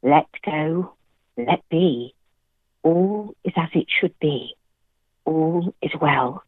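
A soft, soothing inner voice, as a woman reads it aloud, calm and wise. It moves slowly and reassuringly. The sound is dry and narrow, like a phone line. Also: deep voice, dry recording, full character voice.

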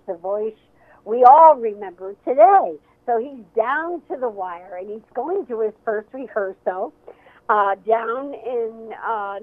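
A woman being interviewed on the radio, telling her story with lively, animated energy. Her slightly high voice comes through a thin, tinny phone line with no room sound at all. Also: no room sound. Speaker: author and guest.

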